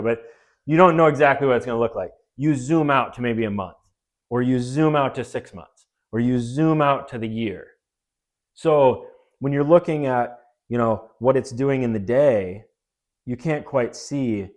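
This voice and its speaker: Conversational man explaining with analogies. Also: medium pitch. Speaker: podcast co-host. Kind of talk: casual wellness chat.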